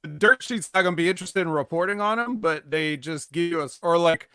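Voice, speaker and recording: A man's voice: on the high side, fast talker, pushed and bright, clear, resonant tone, dry recording. A man co-hosting a wrestling podcast, telling stories in a rambling casual chat full of fillers. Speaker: podcast co-host.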